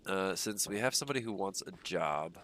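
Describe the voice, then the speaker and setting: A young gaming streamer with a stuffy nose rambles casually while he plays, dropping plenty of ums and uhs in a relaxed way. His voice sits low and runs a little fast, over a little hiss or hum.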